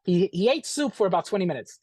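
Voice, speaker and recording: A man telling a story as an interview guest, animated and profane, acting out what people said and calling the listener "bro". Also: high-pitched, quick pace, slightly rough, no room sound. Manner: animated, profane, acts out quoted dialogue, says "bro". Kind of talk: casual storytelling.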